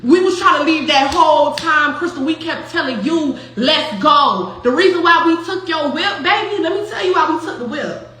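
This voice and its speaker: A young woman hosting a show, telling a story in casual, profane, animated talk with frequent laughter. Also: high voice, fairly quick. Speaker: host. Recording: very echoey room with faint noise.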